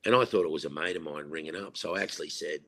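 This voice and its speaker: An Australian man in his sixties, a former cricketer, telling lively anecdotes in a podcast interview and acting out the voices of the people he quotes. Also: a bass voice, very fast, vocal fry.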